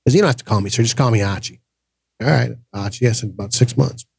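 A man hosting a podcast, telling a personal story in a casual, animated way and acting out the voices of the people in it. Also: medium pitch, racing, gravelly, husky, no room sound. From grew up in the projects. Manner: animated storyteller, acts out quoted voices, frequent restarts. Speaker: podcast host.

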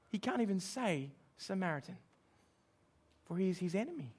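Guy preaching a sermon, pretty high voice, leans hard on key words. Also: expressive, moderate pace. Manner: emphatic, asks the congregation questions.

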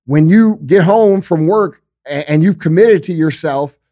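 Intense, profane man with a fairly high voice. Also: a little slow, warm tone, dry recording, clean studio sound. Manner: blunt, profane, motivational; emphatic and intense. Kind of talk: casual chat.

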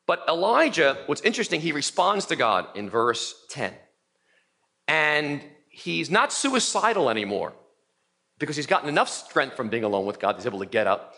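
A man's voice: a little high, gravelly. A middle-aged male pastor preaching a sermon in a church, acting out biblical voices as he tells the story. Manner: animated, acts out voices of biblical figures. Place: church sanctuary in New York City.

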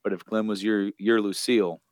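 A remorseful grown man, a villain who pleads to be killed, as a man reads his lines aloud. The voice sits low and quiet, close and dry with no room sound. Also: little pitch movement, fairly quick, no room sound, natural voice.

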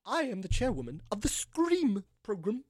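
A man voicing a prim female town mayor in a tabletop game, with crisp consonants and an odd put-on accent. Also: high voice, wildly swooping pitch, moderate pace, a little mellow, no echo, clean studio sound, pitched above the performer's own voice, exaggerated voice. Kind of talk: tabletop game role-play.

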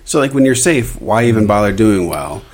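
A man's voice: lowish voice, lively intonation, normal speed, a little mellow. A man co-hosting a podcast in casual chat, wisecracking and blunt, swearing freely. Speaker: podcast co-host. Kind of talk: casual chat recapping a reality show.

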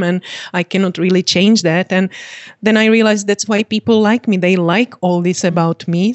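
A woman's voice: lowish voice, a little mellow, no room sound. A woman whose first language is not English, a fitness coach and author being interviewed, talking earnestly and giggling often. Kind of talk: conversational interview.

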